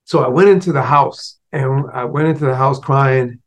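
A man hosts a motivational podcast and tells a personal childhood story at an ordinary pitch for a man. His delivery is loose and conversational, full of small asides to the listener. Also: normal speed. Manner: casual and conversational, with many asides like "right?" and "you know". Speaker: podcast host.

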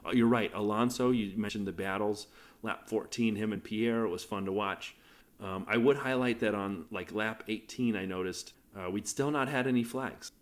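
Chatty low-voiced man recapping a race. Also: moderate pace. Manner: chatty, jumps between race moments. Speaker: podcast co-host. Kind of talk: casual race recap chat.

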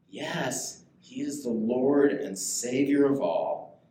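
Warm and expressive, this medium-pitched man speaks slowly from the pulpit, with a touch of hiss or hum in the audio. As pastor he delivers his sermon conversationally, asking the congregation questions, and the church's echo and faint ambience come through.

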